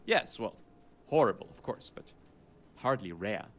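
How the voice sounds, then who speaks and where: A man's voice: lowish voice, very animated, unhurried. An actor with a German accent playing a dry, world-weary male archivist in a video game, with a clipped, matter-of-fact delivery. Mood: grave. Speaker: game character. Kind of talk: game voice acting.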